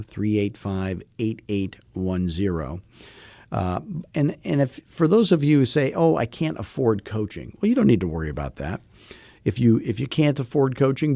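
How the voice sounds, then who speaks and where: Mellow low-voiced male sales coach. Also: no echo. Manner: chatty, repeats himself, frequent restarts. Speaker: real estate sales coach. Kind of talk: podcast monologue with anecdotes.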